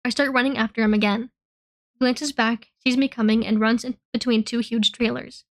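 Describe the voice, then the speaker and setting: A woman reading a novel aloud in the first person, telling the story in an expressive, earnest way. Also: a little high, normal speed. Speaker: reader.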